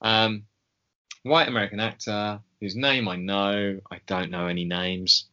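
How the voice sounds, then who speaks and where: A man co-hosting a podcast in casual chat, slow and hesitant with many ums and pauses. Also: fairly low pitch, level tone, pushed and bright, highs cut off. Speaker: podcast co-host.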